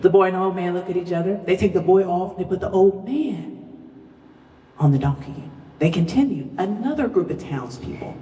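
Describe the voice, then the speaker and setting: Woman guest, lively folksy storyteller, echoey hall, heard from a distance. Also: fairly low pitch, moderate pace. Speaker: guest speaker. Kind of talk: storytelling to a live audience. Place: stage at a live show in a large venue.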